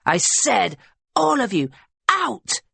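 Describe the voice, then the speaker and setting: An audiobook narrator voicing a brash young working woman who is coarse and yells. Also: fairly low pitch, expressive, takes it slowly, slightly rough, dry recording, voice pushed up, exaggerated voice. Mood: furious. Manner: coarse and yelling.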